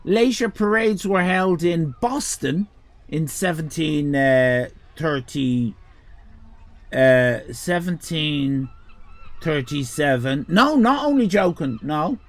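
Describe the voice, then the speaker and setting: A gravelly Irish man in his fifties talks casually to his live stream audience. His slightly high voice rises and falls in a lively way as he slips into playful, mock-indignant rants. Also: takes it slowly. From Ireland. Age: 50s.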